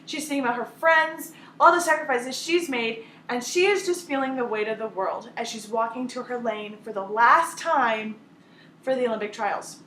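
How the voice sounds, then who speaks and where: A woman retelling a story on a team call, talking in an animated way and acting out the voices of the people in it. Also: a little high, normal speed, echoey room, a little hiss or hum.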